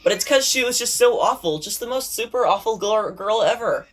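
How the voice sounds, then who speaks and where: A woman's voice: on the high side, expressive, fairly quick, voice pushed up. A woman voicing a hot-tempered teenage girl in a game, reading her lines in a raised, indignant voice. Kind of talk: game dialogue read aloud.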